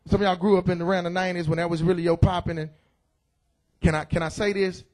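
A middle-aged man preaching a loud, excited sermon in church, calling out to the congregation. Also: high voice, fast. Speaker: pastor. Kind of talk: energetic sermon.

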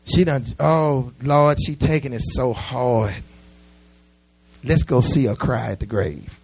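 A man putting on a low, drawling funeral gossip. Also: takes it slowly, darkish tone, husky, dry recording, soft background music. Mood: gossipy. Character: nosy gossiping onlooker at a funeral.

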